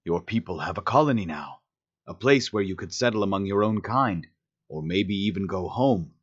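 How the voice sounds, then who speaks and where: A man putting on a courteous male alien for an audiobook, very low rumbling voice, gentle and apologetic. The recording sounds dull and lo-fi. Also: lively intonation, normal speed. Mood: earnest. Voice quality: deep rumbling voice. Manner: conciliatory and apologetic. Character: polite, soft-spoken male alien diplomat.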